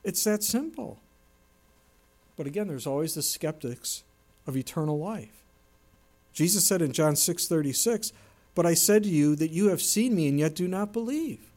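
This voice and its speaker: A man delivering a sermon, his voice sitting a little higher than most men's. He preaches with earnest emphasis, leaning into the scripture he quotes and explains. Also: lively intonation, moderate pace, long pauses, a little mellow. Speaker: pastor.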